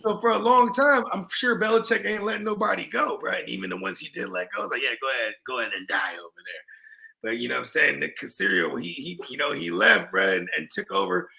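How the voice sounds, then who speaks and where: Young male co-host; loose, profane banter, high and edgy. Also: fast talker, vocal fry, pushed and bright. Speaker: podcast co-host. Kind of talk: casual sports chat.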